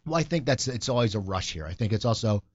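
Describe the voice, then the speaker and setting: A man's voice: on the low side, animated, fast talker, slightly rough, no room sound, muffled recording. A man hosting an interview, asking rambling questions that restart often. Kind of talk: casual interview.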